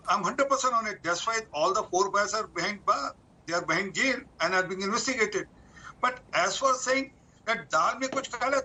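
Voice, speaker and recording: A man's voice: a little high, pushed and bright, low-quality recording. A man with an Indian accent arguing as a political spokesperson in a TV news debate, insistent and argumentative. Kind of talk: TV debate panelist.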